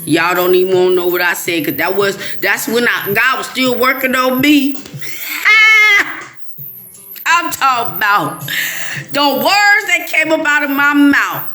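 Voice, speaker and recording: Soft music plays as a middle-aged woman from Chicago's West Side hosts a live storytelling chat, animated and laughing while she quotes others in voices. Her voice is on the high side at normal speed.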